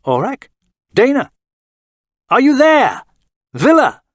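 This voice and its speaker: A man voicing an urgent, high woman crewmate. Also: huge pitch swings, takes it slowly, no echo, clean studio sound, full character voice. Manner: urgent, pleading. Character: woman crew member pleading under pressure.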